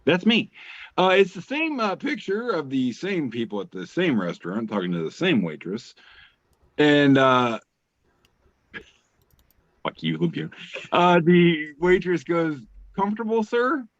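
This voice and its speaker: A man's voice: fairly high pitch, big pitch swings, slow pace, long pauses, dry recording. Wry man reading memes on a call. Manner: reads captions aloud, wry asides, swears casually. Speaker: co-host. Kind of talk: casual chat reading memes aloud. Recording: dull lo-fi call audio, dry.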